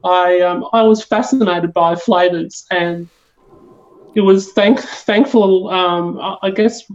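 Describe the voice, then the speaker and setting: A woman's voice: on the low side, steady tone, takes it slowly, dull audio. A woman from Australia with an Australian accent, a podcast guest chatting casually and rambling a little, with lots of fillers and restarts. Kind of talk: casual chat.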